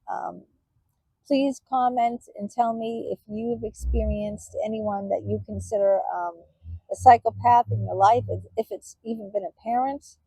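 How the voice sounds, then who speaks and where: A woman vlogger talking personally to her viewers, halting and emotional, with many fillers and restarts. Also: on the high side, gravelly, mellow, slightly rough, no echo, poor audio. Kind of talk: personal talk to camera.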